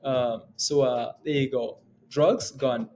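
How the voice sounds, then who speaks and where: A man's voice: mid-range voice, steady tone, slow, darkish tone, faint music behind. A man hosting a day-trading livestream, rambling casually with many fillers and short laughs as he reads the chat. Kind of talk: casual live-stream commentary.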